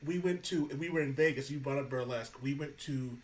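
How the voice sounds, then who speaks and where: A man hosting a podcast, telling animated stories in casual chat, swearing freely and laughing often. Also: mid-range voice, a little fast, far from the mic, rough recording. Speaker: podcast host.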